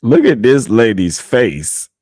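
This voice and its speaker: A man's voice: mid-range voice, dry recording, studio quality. Blunt, laughing man reacting to a clip. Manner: blunt, incredulous, laughs often. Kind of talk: casual reaction commentary.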